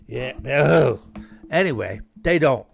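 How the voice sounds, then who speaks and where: A man's voice: mid-range voice, lively intonation, takes it slowly, vocal fry, faint music behind. A man delivering a fired-up, indignant opinion monologue, often tacking on "man". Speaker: commentator.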